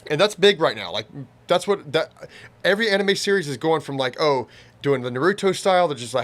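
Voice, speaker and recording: A man's voice: fairly high pitch, expressive, brisk, a bit bright. Rambling man co-hosting an anime review. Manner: rambling, restarts a lot, acts out quotes. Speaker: co-host of an anime review show. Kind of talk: casual reaction discussion.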